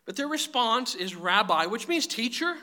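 A man's voice: high-pitched, expressive, a little slow, pushed and bright. A man preaching a sermon, emphatic and direct, often calling his listeners "guys". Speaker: pastor.

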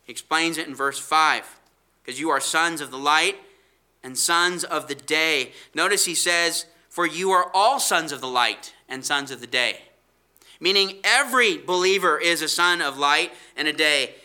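A man preaching an expository sermon as a Bible teacher, slowing down to stress scripture quotes and asking rhetorical questions. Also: a little high, sharp tone, clean tone.

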